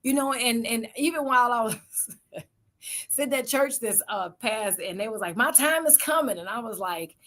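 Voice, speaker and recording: A woman's voice: on the high side, fairly even intonation, normal speed, fairly bright tone. A middle-aged woman giving a motivational talk as an event speaker, telling stories and acting out the voices of the people in them. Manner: storytelling, acting out quoted voices.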